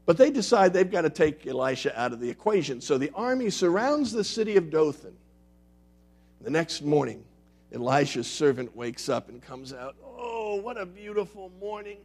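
Gravelly-voiced pastor preaching a sermon. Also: male voice, a little high, expressive, normal speed, faint music behind. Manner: dramatic, swings from loud to hushed. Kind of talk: sermon with storytelling.

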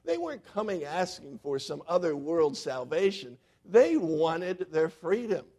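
A man preaching a sermon from the front of a church sanctuary. His voice sits a little on the high side, and he moves from ringing emphasis to quiet, confiding asides. He keeps turning to the congregation with quiz questions. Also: a little slow. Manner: animated preaching, quizzing the congregation, swings from loud to hushed. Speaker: pastor.

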